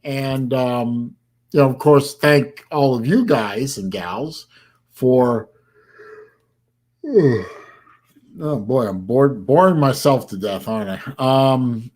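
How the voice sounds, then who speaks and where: A tired, yawning older man from Florida hosts a laid-back livestream, rambling and leaning heavily on fillers. His voice sits at medium pitch and is a little mellow.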